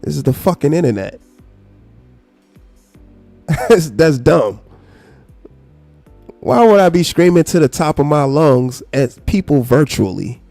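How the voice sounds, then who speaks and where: A man hosting a live stream, giving casual commentary in a calm, low, unhurried tone, blunt and profane. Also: gravelly, dry recording, faint music behind.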